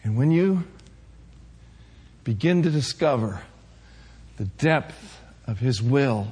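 A male pastor preaching an impassioned sermon with a hoarse voice, swinging from soft to shouting. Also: medium pitch, animated, slow.

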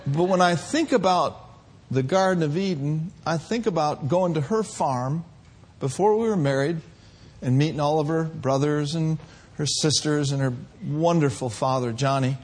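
A man from Minneapolis preaching a sermon, playful and animated, sometimes rising to shouts. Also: a little high, moderate pace, husky. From Minneapolis, USA.

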